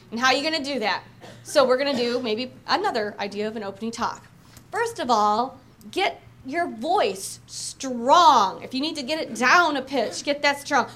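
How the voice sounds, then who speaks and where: A woman sales trainer coaching an audience on opening talks, acting out sample pitches with energy and emphasis. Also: fairly bright tone. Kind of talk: training talk with demonstrations.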